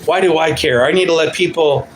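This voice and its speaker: A man in his fifties ranting on a livestream, loud and profane, answering viewers' comments. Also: fairly high pitch, brisk, slight background noise, rough recording. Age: 50s.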